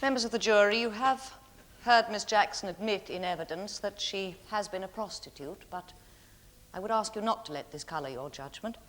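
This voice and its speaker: A woman performing a composed defence barrister from a 1970s courtroom drama, formal and earnest as she pleads her client's case. Her voice sits at an ordinary middle pitch and stays measured and persuasive. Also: slight background noise, lightly acted. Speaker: defence counsel.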